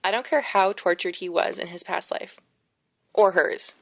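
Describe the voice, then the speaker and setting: A woman's voice: fairly low pitch, vocal fry. A woman voicing a brash teenage girl heroine who speaks bluntly and sarcastically in an audiobook. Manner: blunt, sarcastic, quick to snap.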